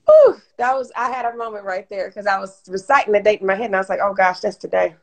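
Animated gravelly-voiced woman telling her story. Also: mid-range voice, fast talker. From Detroit, Michigan. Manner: animated, acts out quoted voices. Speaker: interview guest, entrepreneur. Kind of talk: casual storytelling interview. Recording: IG Live stream audio.

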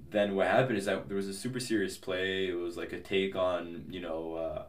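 Deep-voiced young man, rambling. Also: steady tone, a little fast, reverberant, far from the mic. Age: young adult. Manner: rambling, hesitant, many fillers and restarts. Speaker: podcast guest. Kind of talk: casual interview chat.

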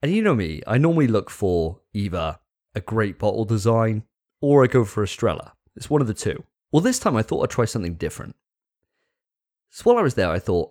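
A man's voice: on the low side, sing-song, a little fast, darkish tone. A man hosting a casual podcast chat, joking with crude banter. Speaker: podcast host.

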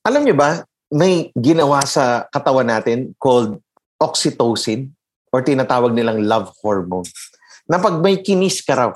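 A man's voice: mid-range voice, husky. A man with a Filipino accent hosting a faith talk, switching between English and Tagalog and checking in with "di ba" and "okay". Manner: mixes English and Tagalog, asks the listener "di ba" and "okay". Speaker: podcast host giving a faith talk. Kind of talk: preaching-style talk.

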